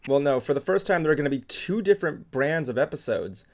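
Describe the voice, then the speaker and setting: A man's voice: on the high side, animated, quick pace. Chatty man hosting a nerdy podcast. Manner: chatty, many ums and restarts. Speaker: podcast host. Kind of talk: casual chat.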